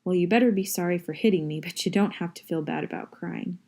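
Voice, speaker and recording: An intense, earnest schoolteacher, voiced by a woman reader in a low, warm tone. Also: fast talker. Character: earnest middle-aged male schoolteacher, intense.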